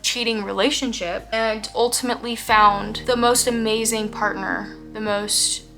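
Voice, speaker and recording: A woman's voice: fairly high pitch, fairly even intonation, measured pace, gravelly, a bit bright. A young woman telling a personal story on her vlog, heartfelt and close to tears, speaking earnestly. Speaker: vlogger. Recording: music playing behind the voice.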